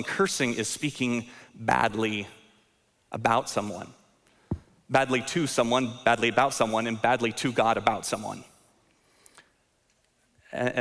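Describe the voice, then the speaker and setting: A man in his thirties delivers a sermon in a relaxed, conversational way, poking fun at himself and often doubling words as he restarts a thought. His voice sits in a middle pitch. A long reverb trails behind him, as in a large church sanctuary. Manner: conversational, self-deprecating, repeats words when restarting. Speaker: pastor.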